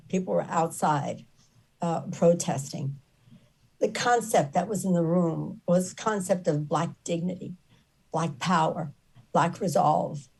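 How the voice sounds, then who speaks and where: Earnest, emphatic woman with a lowish voice. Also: a little mellow. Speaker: activist speaker. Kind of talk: impassioned storytelling talk.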